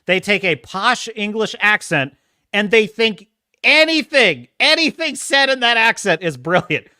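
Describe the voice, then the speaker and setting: Mocking, animated male podcast host. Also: high voice, unhurried, no echo, clean studio sound. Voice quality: mocking, animated, laughs often. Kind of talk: ranting commentary.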